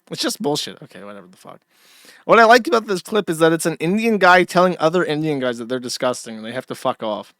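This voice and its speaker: A man's voice: on the high side, sing-song, fast talker, a bit bright, no room sound, studio quality. A man hosting a live stream, delivering sardonic and profane commentary. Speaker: streamer host.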